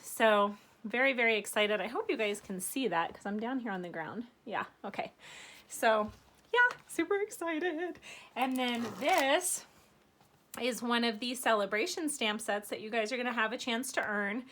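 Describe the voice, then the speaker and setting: A young woman vlogging an unboxing from her floor at home, gushing and bubbly, saying again and again how excited she is. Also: fairly high pitch, moderate pace, a little hiss or hum. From Arizona, United States. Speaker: craft vlogger. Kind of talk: unboxing vlog.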